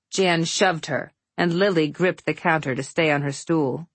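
A woman's voice: sits low, normal speed, few pauses, no echo. A woman narrating a novel in the first person, with a wry, affectionate storytelling manner. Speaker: audiobook narrator.

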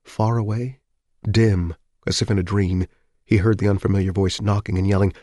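A man narrating an audiobook in a steady, measured, scripted read. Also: deep voice, no echo, studio quality.

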